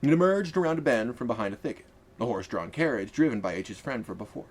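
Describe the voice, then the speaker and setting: A man's voice: medium pitch, lively intonation, fast talker. A man narrating his own fantasy audiobook in a wry, casual storytelling manner. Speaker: author and narrator.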